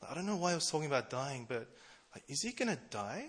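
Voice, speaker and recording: A man preaching a casual, conversational sermon, chatty and quick to laugh at himself. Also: a little high, sing-song, husky. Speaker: preacher, church treasurer.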